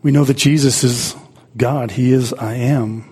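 Male pastor, husky tone, earnest sermon delivery with scripture reading. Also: medium pitch, fairly even intonation, a little slow, dark tone. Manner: earnest preaching, reads scripture aloud with repeats and restarts.

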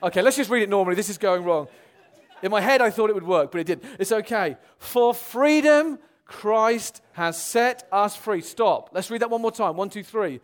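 A young man preaching a sermon to a congregation, animated and earnest, rising to loud exclamations and dropping to quiet, serious tones. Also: high-pitched, fast talker.

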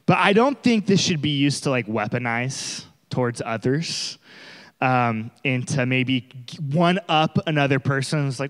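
A young male preacher delivers a casual, conversational sermon in a large hall, his mid-range voice moving at a measured pace. He's animated and often acts out the voices of the people he describes.

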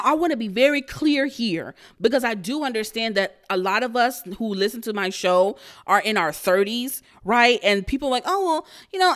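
A woman in her thirties hosting a podcast, telling a story in a blunt, profane way that breaks into loud outrage. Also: a little high. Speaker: podcast host. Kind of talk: casual storytelling rant.

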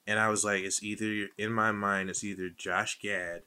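A man's voice: fairly low pitch, flat delivery, sharp tone, smooth. A man co-hosting a podcast in casual, joking chat, swearing freely as he trades quips. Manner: joking, profane, quick back-and-forth. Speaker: podcast co-host.

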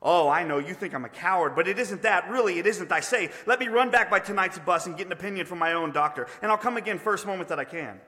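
A man's voice: sits high, quick pace, hardly any pauses, pushed and bright, voice pushed up. A man voicing a frightened male ghost who pleads and whines, his voice raised and strained. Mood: pleading. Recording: long reverb of a large hall.

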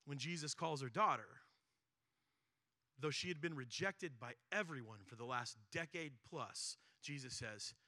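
A man preaching a sermon in a casual, conversational way, often checking in with "right?" and swinging between loud stretches and hushed ones. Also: mid-range voice, measured pace, no room sound, studio quality. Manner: conversational, keeps asking "right?". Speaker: pastor.

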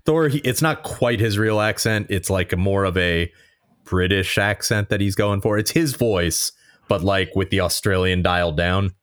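Very deep male voice, dry close recording, chatty podcast co-host. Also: normal speed, fairly bright tone, no echo. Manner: chatty, self-correcting. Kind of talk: casual chat.

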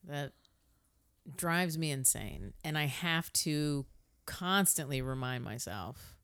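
Very low-voiced laid-back woman, dry sound. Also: animated, slow, a bit bright, smooth, no echo. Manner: frank, laid-back, swears casually. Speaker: podcast co-host. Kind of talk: casual chat.

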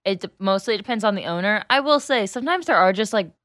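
A woman with a mid-pitched voice chats on a podcast, teasing and quick with quips. The sound is dry and close. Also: animated, a bit bright, dry recording. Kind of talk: casual chat.

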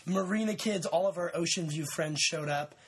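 A man in his twenties hosting a podcast, telling a story in a rambling, laid-back way with lots of fillers and shout-outs. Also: on the high side, normal speed, breathy edge. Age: 20s. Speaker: podcast host. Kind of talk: casual storytelling chat.

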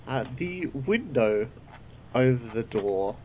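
A man running a tabletop role-playing game as game master. He talks slowly and with a very lively, rising and falling pitch, pausing often with fillers. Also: slight background noise, poor audio. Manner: slow, halting, many fillers.

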